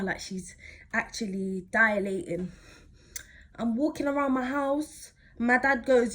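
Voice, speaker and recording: A woman's voice: fairly high pitch, moderate pace. A teenage woman, telling a personal story casually to camera, rambling with lots of fillers and slang. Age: teens. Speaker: vlogger.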